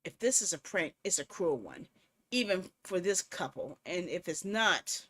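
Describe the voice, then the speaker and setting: Playing a horror game on stream, a young woman makes casual commentary and reads story text out loud in a lively, jokey manner. She speaks at a moderate pace in a husky voice on the lower side.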